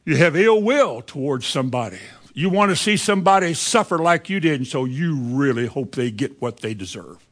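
A man's voice: on the high side, animated, moderate pace, a bit bright. A man preaching a sermon in a plainspoken way, often acting out bitter people's words. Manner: plainspoken, acts out bitter voices in quotes.

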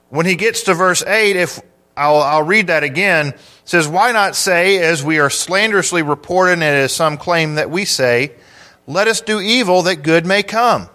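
A man preaching a sermon, teaching through scripture verse by verse, with emphatic pauses and questions to the congregation. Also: a little high, bright, forceful tone. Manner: measured, with emphatic pauses on key words.

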